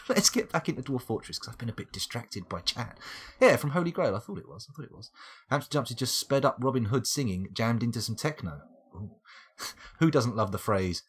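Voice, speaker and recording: A man chats his way through a game on a live stream, wandering into silly tangents and enjoying odd words. His voice is slightly husky, and his pitch leaps around animatedly from line to line. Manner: rambling, playful tangents and wordplay. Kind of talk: casual live-stream gameplay commentary.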